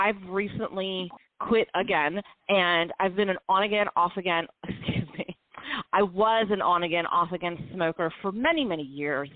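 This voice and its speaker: Sounding tinny, as if over a phone line, this woman with a mid-range voice co-hosts a talk show and opens up about a personal experience. She's emotional and heartfelt, her pace alternating between rapid bursts and slower passages, and the recording is dry.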